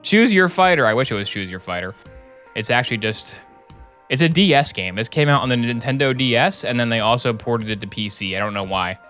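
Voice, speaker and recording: A man's voice: medium pitch, a little fast, pushed and bright, soft background music. A man streaming a video game live, reading the game text aloud with wry, joking asides. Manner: wry, joking asides between read-out passages.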